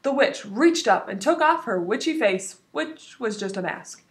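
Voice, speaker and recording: A woman teacher reading a children's book aloud in an expressive, animated way. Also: a little high, a little slow. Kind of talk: storybook read-aloud. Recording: roomy echo.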